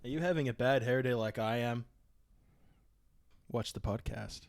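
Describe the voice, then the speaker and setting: A man co-hosting a comedy podcast, deadpan and jokey in casual banter. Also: medium pitch, moderate pace, creaky, dry recording. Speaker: podcast co-host.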